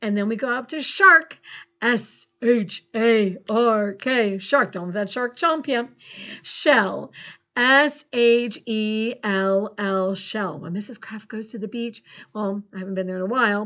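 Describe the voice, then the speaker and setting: A woman's voice: on the high side, expressive, sharp tone, lo-fi sound. Cheerful woman teacher spelling out words. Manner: upbeat, encouraging, spells words slowly letter by letter. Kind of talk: remote phonics lesson for children.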